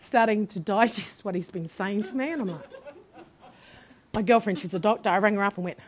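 A woman pastor telling her own story in a sermon, animated, with laughing asides. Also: mid-range voice, fairly quick, a little hiss or hum. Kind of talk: sermon testimony.

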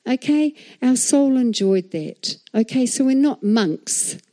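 A middle-aged woman pastor preaching a sermon in a church, animated and chatty, constantly checking in with "all right?" and "amen?". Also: high voice, slow.

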